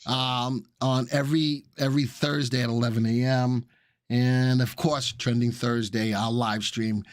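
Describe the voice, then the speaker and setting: A man's voice: medium pitch, flat delivery, a little slow, no echo, clean studio sound. A man hosting a live market stream in a chatty, upbeat way, with many fillers. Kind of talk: casual live stream talk.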